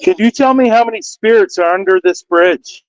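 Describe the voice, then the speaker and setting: Ghost hunter, male, high voice, dry close sound, asks spirits the same questions again and again. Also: moderate pace, no echo, dull audio. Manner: coaxing, repetitive questions. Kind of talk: addressing spirits during a ghost hunt. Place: outdoors under a bridge with traffic overhead.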